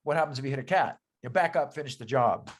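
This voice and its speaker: Fast-talking middle-aged comedian, man. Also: mid-range voice. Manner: dry joke-telling, trailing off quieter. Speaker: stand-up comedian guest. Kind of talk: casual chat.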